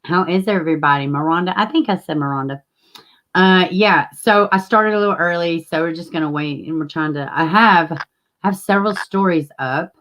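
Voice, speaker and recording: A woman's voice: lowish voice, moderate pace, fairly bright tone. Chatty woman hosting a livestream. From Tennessee, US. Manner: chatty, greets viewers by name, frequent fillers. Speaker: livestream host. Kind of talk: casual livestream chat.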